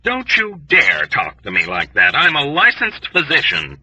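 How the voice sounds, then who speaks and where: A man's voice: mid-range voice, huge pitch swings, a little slow, pushed and bright, slightly rough, dry recording, muffled recording, voice pushed up, heavily acted. A man reading an audiobook, voicing a self-pitying male military doctor who whines and complains mournfully. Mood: whining.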